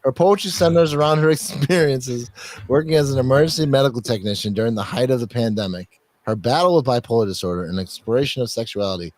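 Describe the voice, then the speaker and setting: A podcast host rambles through contributor bios in casual chat, joking, swearing and laughing as he reads them aloud. He talks fast, with a mid-range voice and a darkish tone.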